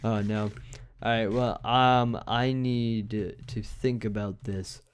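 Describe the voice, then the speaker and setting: A man's voice: on the low side, steady tone, slow, smooth. A man giving casual game commentary, rambling with many fillers and restarts. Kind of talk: casual let's-play commentary.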